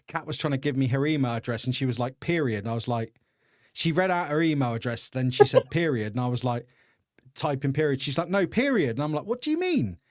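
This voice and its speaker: A man's voice: medium pitch, no echo, studio quality. An English man hosting a casual live-stream podcast, chatty and laughing often as he greets viewers. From England. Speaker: podcast host.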